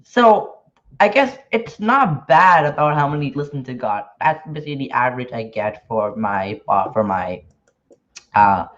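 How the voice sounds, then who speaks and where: A man talks casually on a livestream while he writes, nervous and halting, often restarting his sentences. His voice sits at an ordinary middle pitch. The stream audio is dull and lo-fi. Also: expressive, fairly bright tone. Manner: nervous, hesitant, many restarts. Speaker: podcaster and newsletter writer.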